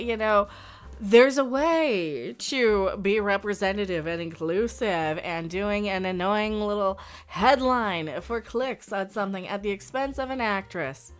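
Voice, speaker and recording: A woman's voice: medium pitch, smooth. A woman hosting her own channel, giving a blunt, sarcastic, rambling opinion rant broken up by laughs. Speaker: channel host.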